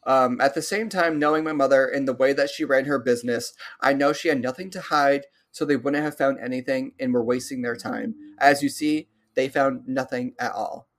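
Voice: mid-range voice, steady tone, normal speed, few pauses. Joking podcast co-host telling a story. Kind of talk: casual news chat.

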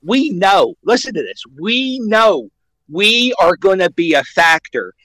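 A brash man on a radio call-in, boasting and trash-talking. His voice sits high and is recorded dry and close, with no room sound. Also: big pitch swings, a little slow, bright, forceful tone, no echo, rough recording. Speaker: caller, sports fan.

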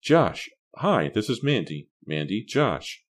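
A man's voice: deep voice, lively intonation, moderate pace. A man reading an audiobook voices a nervous, awkward teenage boy who was bullied by former teammates. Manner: awkward, flustered.

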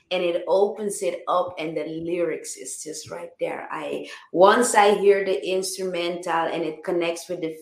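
Woman, songwriter guest, lowish pitch, reflective, repetitive phrasing, roomy echo. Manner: reflective, repeats words and restarts often. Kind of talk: casual interview chat.

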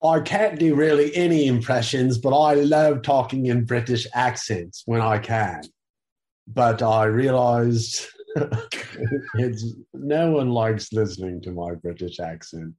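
A man's voice: mid-range voice, slow, a little mellow. A young man answering interview questions over a video call in casual chat, rambling, laughing often and swearing casually. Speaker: interview guest.

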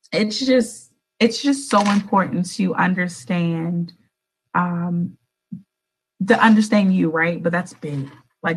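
A woman's voice: fairly low pitch, creaky, breathy edge, rough recording. A young adult woman vlogging in a casual, rambling motivational chat, speaking to her viewers with affectionate asides.

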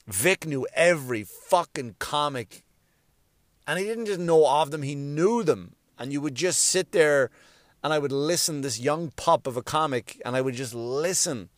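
A man's voice: medium pitch, no echo, studio quality. A male comedian hosting his own show, telling a long, swear-filled story and often stopping to restart his sentences. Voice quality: profane, rambling, with frequent restarts. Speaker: comedian and podcast host. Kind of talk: casual storytelling tribute.

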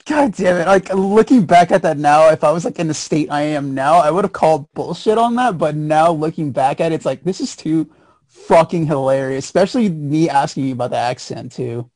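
Male podcast co-host, excitable and profane, dry close sound. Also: a little high, a little fast, dry recording. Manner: laughing, exclaiming, swears often. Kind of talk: casual chat.

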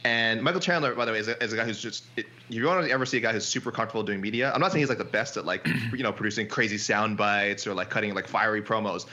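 A man co-hosting a casual MMA chat, animated and joking, often repeating himself. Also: on the low side, fast, few pauses, dull audio. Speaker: MMA reporter and podcast co-host.

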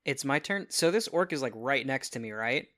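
A man's voice: medium pitch, expressive, pushed and bright, dry recording, clean studio sound. A man playing a tabletop game, reading out spell rules and chatting about his turn. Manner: explains rules, quick asides. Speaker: player. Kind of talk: casual tabletop game chat.

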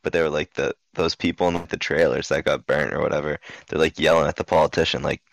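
Super deep raspy dude joking around with friends. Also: male voice, little pitch movement, fast, no echo. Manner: laughs often, loose joking talk. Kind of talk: casual chat.

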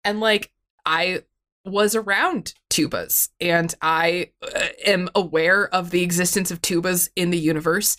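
A woman's voice: lowish voice, steady tone, unhurried, a bit bright. Tearful rambling woman, swearing and self-critical. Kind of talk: emotional candid conversation.

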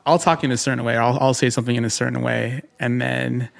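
Man, podcast co-host, casual rambling chat, gravelly fry in the voice. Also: medium pitch, little pitch movement, fast talker. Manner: rambling, filler-heavy, acts out his own thoughts.

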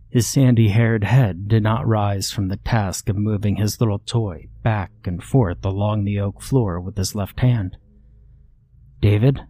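A man narrating a first-person horror story in a measured, steady way. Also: on the low side.

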